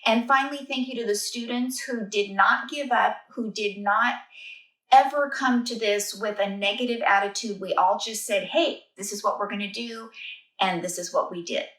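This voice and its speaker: A woman's voice: mid-range voice, fairly bright tone, distant mic. A woman drama teacher introducing an online school play to its audience, upbeat and grateful as she thanks the people who helped. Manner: upbeat and grateful, plainly spoken. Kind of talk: prepared introduction to an online show. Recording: roomy sound from away from the mic.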